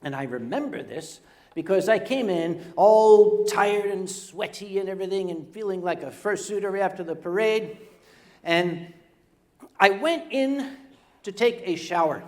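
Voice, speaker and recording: An older man telling a comic story live on a convention stage. He stammers and chats with the audience as he goes. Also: high-pitched.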